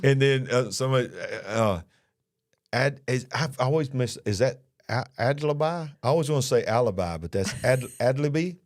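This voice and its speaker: Southern male co-host, folksy and jovial, reading live chat aloud, mid-pitched. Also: expressive, moderate pace. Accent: Southern American. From Alabama. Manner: folksy, jovial, reads viewer comments aloud. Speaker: co-host of a ministry news show. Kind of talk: casual live-stream chat reading comments.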